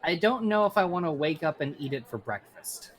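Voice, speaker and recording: A man's voice: a little high, animated, a faint crowd. A man voicing a sensible female harpy adventurer, talking casually and reasonably. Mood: reasonable. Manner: casual, reasonable, a bit halting.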